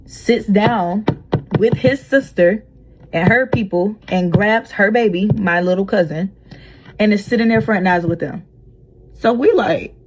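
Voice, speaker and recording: A young woman telling a story in casual chat, blunt and animated, acting out what people said. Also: medium pitch. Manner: animated, blunt, acts out quotes.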